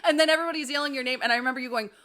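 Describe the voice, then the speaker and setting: A woman's voice: sits high, rapid-fire, sharp tone. A middle-aged woman co-hosting a podcast, telling a story in a casual chat, laughing and acting out quotes. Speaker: podcast co-host. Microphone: table mic.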